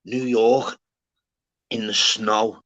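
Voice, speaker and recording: Male streamer, brash and sweary, bright forceful tone. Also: on the low side, level tone, extremely slow. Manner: brash, swearing, says "lad" constantly. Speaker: livestream host. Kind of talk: casual chat.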